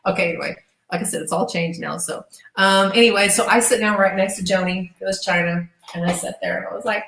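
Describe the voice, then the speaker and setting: A middle-aged woman, an interview guest, telling casual stories in a lively, profane way and acting out what people said. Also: mid-range voice, fast, creaky. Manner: animated, profane storyteller who acts out quoted voices. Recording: echoey room.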